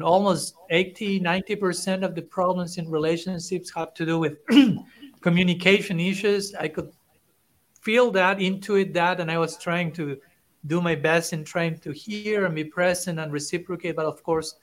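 A middle-aged man hosting a podcast interview who speaks thoughtfully and hesitantly, often repeating words. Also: high-pitched. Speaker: podcast host, monk. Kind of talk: conversational interview.

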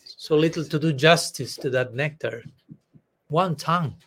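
A male spiritual teacher giving a devotional discourse in an earnest, halting way, often laughing between thoughts. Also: a little high, slightly rough.

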